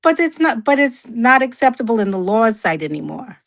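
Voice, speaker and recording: A middle-aged woman with a New York accent, talking fast and restarting words as she argues her point in a casual debate. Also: a little high, sing-song, poor audio.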